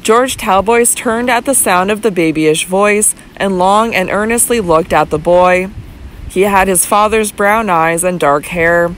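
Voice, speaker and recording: Man narrating an audiobook, high voice. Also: measured pace, a bit bright, slight background noise, rough recording.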